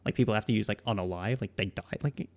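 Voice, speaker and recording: Young guy, australian-british accent, kinda gravelly fry in his voice, rambly live stream q&a, lots of "like"s. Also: lowish voice, fast talker. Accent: mixed Australian and British. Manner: rambling, filler-heavy, laughs often. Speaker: psychologist streamer.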